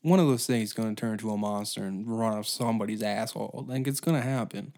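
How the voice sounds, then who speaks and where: A man's voice: on the low side, fast, darkish tone. A man hosting a solo comedy podcast, ranting in a crude, profane, rambling way. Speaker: podcast host.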